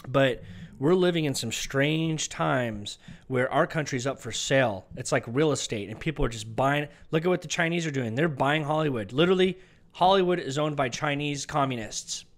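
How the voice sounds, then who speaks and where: A man's voice: mid-range voice, normal speed. A man delivering an emphatic political commentary monologue who often tags his lines with "okay". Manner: emphatic, repeats "okay" as a tag. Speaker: online commentator.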